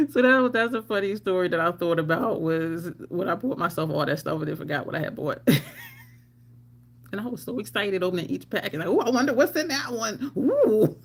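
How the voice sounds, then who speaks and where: A middle-aged woman telling personal stories casually on a live stream. She is animated, laughs often, and acts out her own lines. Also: on the low side, moderate pace, long pauses, slightly rough. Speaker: livestream storyteller.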